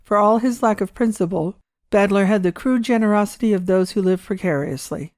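A female audiobook reader narrates a short story aloud in a measured, even storytelling manner. Her voice is mid-range, and the recording has clean studio sound with no room sound.

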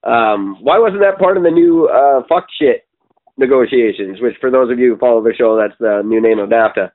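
A Canadian man in casual podcast chat, blunt and full of swearing, often pausing on ums as he rambles. His voice sits in a middle range and comes through thin and tinny, like a phone line. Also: medium pitch. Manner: opinionated, profane, rambling with many ums. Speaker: podcast co-host.

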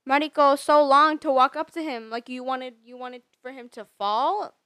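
A woman's voice: high-pitched, normal speed, bright, forceful tone, smooth, no room sound. A woman in casual chat, filling in plot details of a movie as she talks it over with a friend. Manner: chatty, fills in plot details. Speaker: movie recap co-host.

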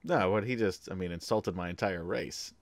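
A man's voice: low voice, normal speed, creaky. A man playing in a tabletop role-playing game, joking dryly as he describes his character's actions. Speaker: player.

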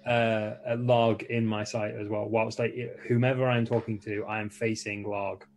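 A man's voice: fairly low pitch, level tone, moderate pace, a little mellow, faint music behind. A man playing a tabletop game, earnest and talking in character as he plans aloud. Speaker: player. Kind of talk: tabletop game role-play.

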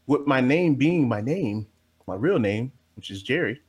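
A man from New Jersey co-hosting a podcast, telling stories animatedly, laughing loudly and swearing freely. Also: mid-range voice, expressive, measured pace, husky. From New Jersey, USA. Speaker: podcast co-host. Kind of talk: casual podcast banter, storytelling.

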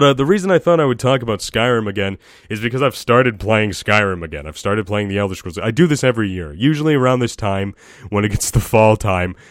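A man's voice: lowish voice, smooth, dry recording, studio quality. Profane, rambling male gaming vlogger. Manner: profane, self-deprecating, excitable. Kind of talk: casual rambling monologue.

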